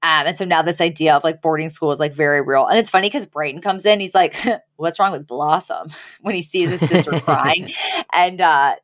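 A woman co-hosting a podcast, recapping a sitcom episode in casual chat and acting out the characters' lines. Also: a little fast. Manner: animated, acts out characters' lines with pitch jumps. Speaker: podcast co-host.

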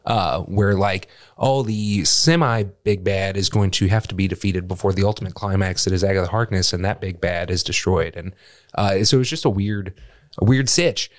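A man co-hosting a podcast, chatting in an animated way, with a lot of hesitant fillers. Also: low voice, normal speed, dry recording, clean studio sound. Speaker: podcast co-host. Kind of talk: casual chat.

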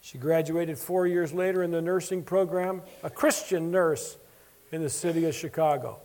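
High-voiced male preacher telling stories. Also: moderate pace. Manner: animated storyteller, acts out quoted voices. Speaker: preacher and Bible teacher. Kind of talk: sermon with storytelling.

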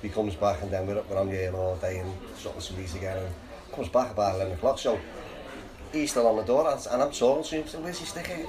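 A man's voice: lowish voice, fast talker, low-quality recording. A man with a Liverpool accent telling a long rambling story, laughing and restarting as he goes. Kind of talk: casual anecdote. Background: crowd chatter.

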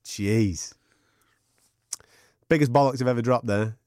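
A man's voice: medium pitch, measured pace, darkish tone, no echo, studio quality. A man hosting a podcast, chatting casually in a jokey, teasing way and swearing freely. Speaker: podcast host. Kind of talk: casual banter.

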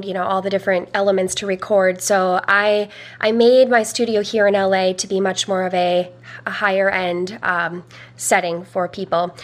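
A young woman, a vocal coach, talking earnestly in a podcast interview, with some fillers. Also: medium pitch.

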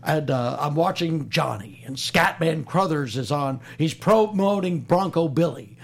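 A man in his fifties doing an impression of an intense, neurotic male comedy filmmaker telling a showbiz anecdote, raised and animated. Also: a little high, unhurried. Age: 50s. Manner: animated, raised and louder than his own talk.

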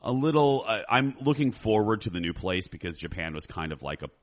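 A man with a low voice chats in a relaxed, easygoing way. He agrees readily and often restarts his sentences. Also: a little fast, highs cut off. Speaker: podcast co-host. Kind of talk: casual chat.

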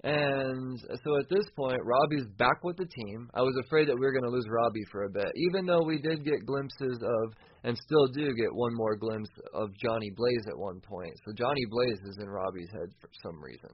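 A man hosting a podcast, recapping a comic book casually, excitable and profane, often restarting sentences. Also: mid-range voice, normal speed, hardly any pauses, breathy edge, highs cut off. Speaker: podcast host.

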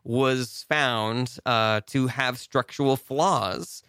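A man's voice: medium pitch, extremely slow, pushed and bright, clean tone, no room sound, studio quality. Hesitant male mock interviewer. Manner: hesitant, filler-heavy, wry. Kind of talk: improv comedy interview.

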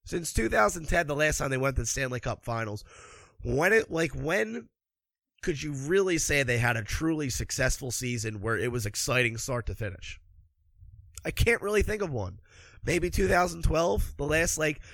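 A man's voice: fairly high pitch, expressive, moderate pace, vocal fry, fairly bright tone, no echo. A man ranting angrily about hockey, sarcastic and swearing constantly, a little congested from allergies. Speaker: hockey commentator. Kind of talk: profane ranting sports commentary.

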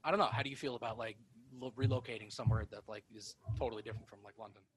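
A man's voice: fairly low pitch, fairly even intonation, fairly bright tone, low-quality recording. A man hosting a podcast in casual chat, rambling and swearing offhandedly as he talks. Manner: fast, rambling, swears casually, dips into mock accents. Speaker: podcast host.

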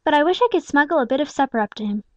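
Timid, anxious woman played by a female narrator for an audiobook; high, quick, pleading voice. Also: lively intonation, no room sound. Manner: pleading, faltering, soft-hearted. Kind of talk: audiobook character reading.

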